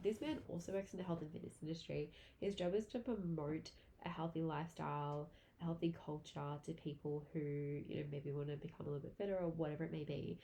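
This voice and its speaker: A woman in her late twenties hosts a casual podcast on her own. Her voice sits a little low and sounds mellow and warm. She tells her stories in a loose, chatty way and swears freely. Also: fairly quick, slight background noise. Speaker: podcast host. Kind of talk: casual solo podcast chat.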